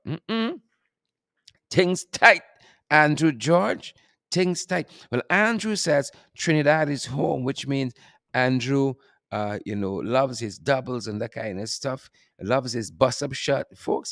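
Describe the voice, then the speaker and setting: A man's voice: medium pitch, vocal fry, dry recording, clean studio sound. A middle-aged Guyanese man hosting a casual live stream, teasing playfully, laughing often and reading out viewer names. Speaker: host.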